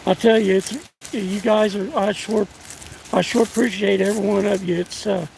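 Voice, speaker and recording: A hoarse older man from the United States, live streaming on a phone outdoors in windy woods, chatting in a folksy, halting way and thanking viewers by name. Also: high voice, fairly even intonation, a little mellow, poor audio. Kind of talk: casual live-stream chat. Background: faint wind and rustling leaves.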